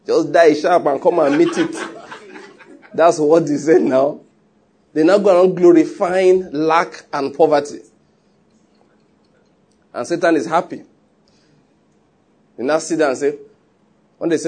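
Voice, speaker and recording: A man's voice: a little high, unhurried, long pauses, a little mellow, breathy edge. A man preaching a sermon in an emphatic, conversational way, with joking asides. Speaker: pastor.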